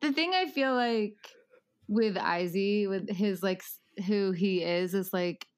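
A woman's voice: medium pitch, slow pace, clean tone. A woman in her thirties talking casually as a podcast guest, rambling with many fillers and frequent laughs.

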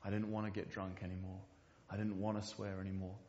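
A man's voice: deep voice, monotone, fast talker, darkish tone, in a large hall, muffled recording. A man preaching a sermon in a church, speaking earnestly and often repeating the first word of a sentence. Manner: earnest, repeats words when starting sentences. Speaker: pastor.

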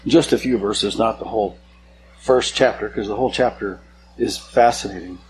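A male pastor giving a sermon in a relaxed, conversational way, with casual asides, slowing down to stress key words. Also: lowish voice, slight background noise, poor audio.

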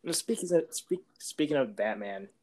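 A young man in relaxed podcast banter, easygoing and unhurried. His voice sits at a middle pitch. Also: a little hiss or hum. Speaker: podcast co-host. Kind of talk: casual chat.

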